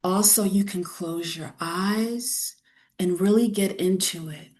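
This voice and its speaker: Woman running a zoom webinar, talks real slow, calm teacher voice, repeats stuff. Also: lowish voice. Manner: enthusiastic teacher voice. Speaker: webinar host. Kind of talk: guided breathing and lecture. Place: home video call.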